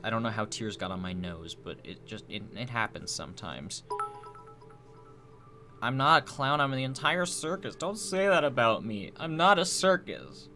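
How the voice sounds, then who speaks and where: A man streaming live, rambling through a mock-tearful fake apology in a deadpan, stammering way. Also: medium pitch, moderate pace, soft background music. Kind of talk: mock-tearful livestream banter.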